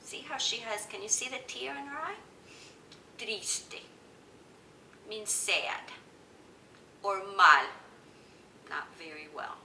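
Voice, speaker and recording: A woman teaching children, speaking slowly with exaggerated sing-song prompts for them to repeat. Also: a little high, expressive, vocal fry, pushed and bright, recorded from a distance, a little hiss or hum. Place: indoor room, teaching with picture cards. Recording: echoey room, voice from afar.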